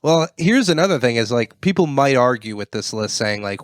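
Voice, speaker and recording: A man's voice: mid-range voice, big pitch swings, normal speed, dry recording. Rambling man, mid voice, dry mic. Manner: rambling, laughs along, builds conspiracy jokes. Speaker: podcast co-host. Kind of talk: casual comedic banter.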